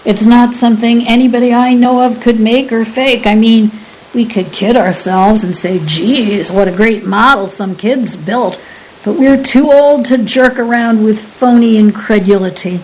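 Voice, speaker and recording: A woman voicing a gruff, cheerfully crude old man in a wheelchair, in a read-aloud story. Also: a little high, unhurried, a little mellow, lightly acted, rough recording. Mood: wry.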